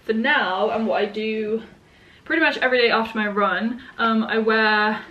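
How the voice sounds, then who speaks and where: A young woman talks casually to her viewers, peppering her sentences with likes and you knows. Her voice sits slightly higher than most women's. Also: steady tone, moderate pace, muffled recording. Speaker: vlogger. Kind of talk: casual vlog chat.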